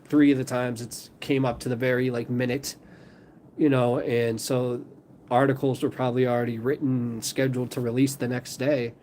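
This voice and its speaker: A man's voice: medium pitch, a little mellow, slight background noise. A man hosting a live stream in casual chat, rambling with lots of fillers.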